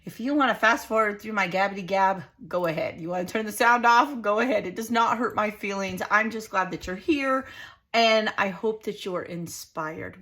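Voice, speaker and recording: A woman's voice: medium pitch, a bit bright. A middle-aged woman hosting a craft channel, chatting in a rambling, heartfelt way while she works on a journaling page. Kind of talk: casual chat while crafting.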